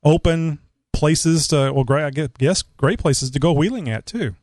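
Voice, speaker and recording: Man, Southern Texas accent, talk show host, halting speech, fairly high pitch, dry recording. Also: darkish tone, no room sound. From Houston, Texas. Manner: halting, many "uh" fillers. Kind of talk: casual interview hosting.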